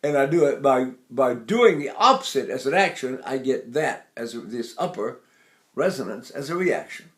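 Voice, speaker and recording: A man's voice: medium pitch, expressive, moderate pace. An older man, a voice teacher, explaining singing technique and breaking into sung and spoken vowel demonstrations.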